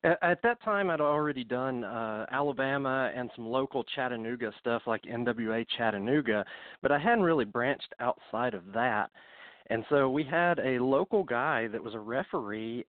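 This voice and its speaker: On dry, phone-like call audio, a Middle Tennessee man with a mid-range voice guests on a podcast and tells wrestling stories. He sounds slightly out of breath and chats casually, filling his speech with fillers.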